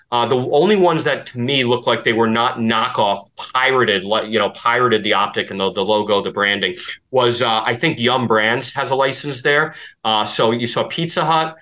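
A man's voice: medium pitch, moderate pace, sharp tone, muffled recording. A man giving a rambling account in an interview as an investigative journalist, full of fillers and restarts.

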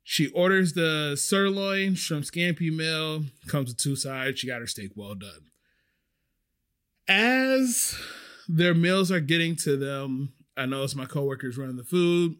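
Man telling stories, slightly high voice. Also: a little slow. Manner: animated, acts out the voices of people in his stories. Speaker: podcast host. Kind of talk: casual storytelling.

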